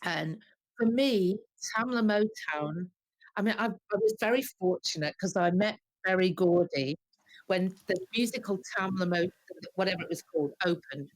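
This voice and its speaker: Woman guest, storyteller, lively pitch, dry close sound. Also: dry recording. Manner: lively, animated anecdotes with acted-out quotes. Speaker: guest singer. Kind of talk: storytelling interview.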